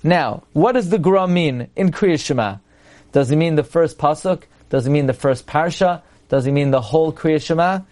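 Male rabbi lecturer, slightly high voice, explanatory Torah-class delivery. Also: normal speed, darkish tone. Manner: explanatory, reads Hebrew text then translates, frequent restarts. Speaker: rabbi teaching halacha.

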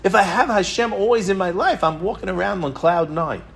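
Rabbi giving a sermon. Man with a raised-pitch voice, emphatic and repetitive storyteller. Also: a little fast, creaky. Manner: emphatic, with repetition and rhetorical questions.

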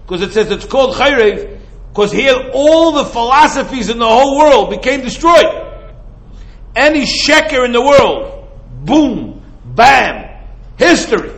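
Animated high-voiced rabbi giving a lecture. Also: male voice, a little slow, poor audio. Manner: animated, full of rhetorical questions; mixes Hebrew and Yiddish terms into casual English. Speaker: rabbi teaching Torah. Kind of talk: lively Torah lecture.

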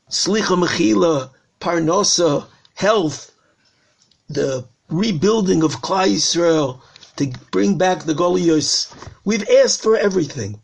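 A man's voice: on the high side, gravelly, slightly rough. An older man, a rabbi, giving an earnest recorded talk on prayer, repeating phrases as he pleads. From Israel.

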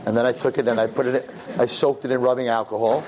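A man, a rabbi and teacher, giving a convention talk and telling a story in an animated way, acting out the people he quotes. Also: medium pitch, quick pace, slight background noise. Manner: animated, acts out quoted voices.

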